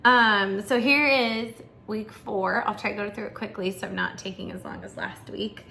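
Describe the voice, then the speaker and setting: A woman's voice: mid-range voice, steady tone, normal speed, vocal fry, pushed and bright, a little hiss or hum. A young woman, a preschool teacher, chatting casually and encouragingly to parents with lots of fillers.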